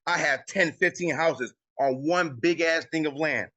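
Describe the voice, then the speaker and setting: A man's voice: on the high side, measured pace, sharp tone, highs cut off. A man coaching a live group call, emphatic and repetitive, often tacking on "y'all". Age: adult with children. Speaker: credit coaching host. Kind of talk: motivational coaching talk on a live video call.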